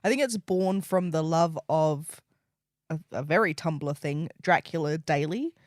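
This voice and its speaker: A woman co-hosting a podcast in casual chat, measured and thoughtful. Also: low voice, no echo, clean studio sound. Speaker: podcast co-host.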